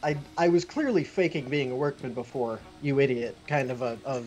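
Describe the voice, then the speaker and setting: A man playing a tabletop game, describing his character's actions in a halting way, repeating words. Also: mid-range voice, darkish tone, faint music behind. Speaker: player.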